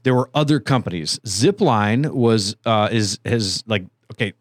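A man's voice: fairly low pitch, animated, a little slow, dry recording, studio quality. A young man hosting a podcast, chatting casually and rambling with restarts and jokes. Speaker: podcast host. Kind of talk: casual chat.

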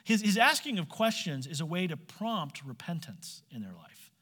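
Guy preaching a sermon, bright fairly high voice, big hall echo. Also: big pitch swings, normal speed. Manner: acts out quoted voices, direct questions to listeners. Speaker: pastor. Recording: long hall reverb.

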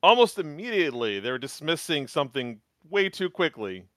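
A man co-hosting a casual anime recap, rambling and correcting himself as he trails off quietly. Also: fairly high pitch, sing-song, fairly quick, no echo, clean studio sound. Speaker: podcast co-host.

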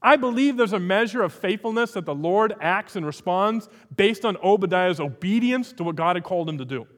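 A man's voice: high-pitched, expressive, fairly quick, big-room sound. A man preaching a sermon as pastor, emphatic, repeating phrases for emphasis.

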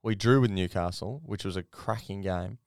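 A man's voice: sits low, normal speed, smooth, dry recording, studio quality. A man co-hosting a podcast, chatting bluntly with crude banter. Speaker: podcast co-host. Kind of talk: casual chat.

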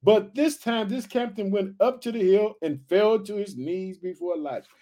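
A man preaching with high energy, reading Bible verses aloud and riffing on them, repeating his catchphrases and questions to listeners. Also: normal speed, mellow. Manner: reads verses aloud then riffs on them. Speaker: preacher teaching scripture.

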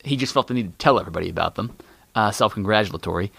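A man co-hosting a comedy podcast, talking in an animated, exasperated way and swearing freely. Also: fairly low pitch, rapid-fire, gravelly, husky, dry recording. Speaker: podcast co-host.

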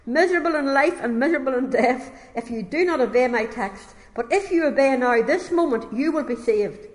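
A fervent, plain-spoken lay preacher, as a woman puts him on pleads with his hearers in a raised, high voice and hammers each phrase over and over. The sound rings through a long, echoing hall. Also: animated, brisk. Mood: impassioned. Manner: impassioned, repetitive pulpit exhortation. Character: uneducated old-time male lay preacher, fervent and pleading. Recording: echoey hall reverb.

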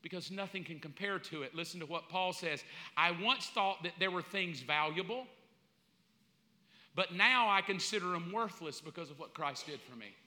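A man preaching a sermon in an animated way, acting out little scenes and laughing as he goes. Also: sits high, moderate pace. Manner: animated, acts out voices, laughs. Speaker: pastor. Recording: long hall reverb.

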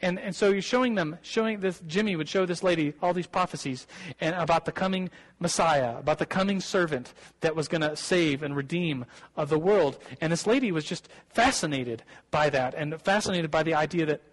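A man's voice: fairly high pitch, brisk, rough recording. A young man, a pastor, preaching a casual sermon and telling a personal story, with many restarts and asides.

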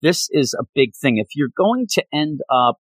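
A man chatting casually on a podcast, excited and rambling, often restarting his sentences. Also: fairly high pitch, moderate pace, dry recording. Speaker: podcast co-host. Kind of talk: casual chat about comics.

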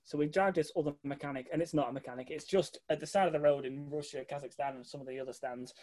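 A man telling a casual, animated travel anecdote, swearing freely and mimicking the people he met. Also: on the high side, fast talker. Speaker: guest telling a travel story.

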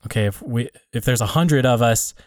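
A man in a relaxed conversation, thinking aloud about community and faith, often restarting and rephrasing as he works out his point. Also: mid-range voice, brisk, dry recording, studio quality. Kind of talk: reflective casual conversation.

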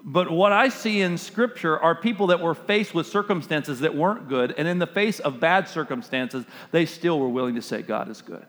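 A high-pitched man preaching a sermon with animated, story-driven delivery and acting out each scene. His voice carries a long hall reverb. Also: normal speed, hardly any pauses.

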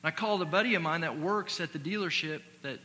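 Bright-voiced man preaching in a reverberant hall. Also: fairly high pitch, quick pace. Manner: emphatic preaching that drops to quiet storytelling. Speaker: pastor. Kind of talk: sermon with a personal story. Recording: long hall reverb with faint hum.

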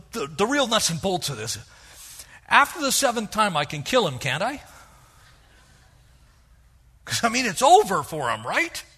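Middle-aged pastor guy preaching, lively, jumps into little voices for the people he quotes. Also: a little high, husky. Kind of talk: sermon.

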